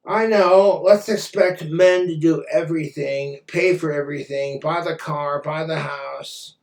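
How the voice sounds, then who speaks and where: A man's voice: on the high side, slow. A man ranting on his own vlog in a crude, blunt way, swearing freely. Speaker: vlogger. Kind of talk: profane casual rant. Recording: roomy echo, far from mic.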